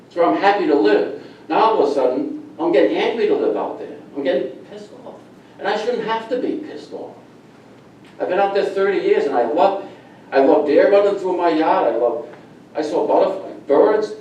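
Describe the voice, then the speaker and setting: A man's voice: fairly high pitch, dark tone, far from the mic, slight background noise. Angry man in an echoey meeting room. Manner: angry, emphatic, repeats himself. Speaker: resident speaking at public comment. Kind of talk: public comment at a town meeting. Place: town hall meeting room.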